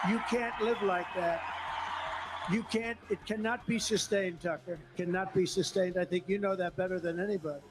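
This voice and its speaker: A man as an interview guest, speaking about politics in an emphatic, repetitive, rambling way. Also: sits high. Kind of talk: interview conversation.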